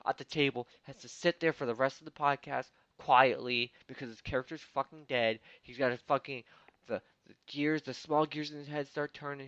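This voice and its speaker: A man hosting a podcast, ranting with constant swearing and swinging between loud outbursts and muttering. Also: mid-range voice, smooth, dry recording, dull audio. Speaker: podcast host. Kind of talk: profane comedic rant.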